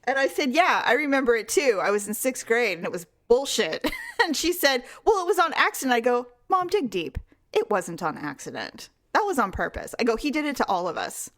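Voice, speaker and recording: This middle-aged woman, a podcast co-host, talks briskly in a fairly high voice while sharing a family story in casual chat. She laughs a lot and animates the tale by voicing the people she quotes.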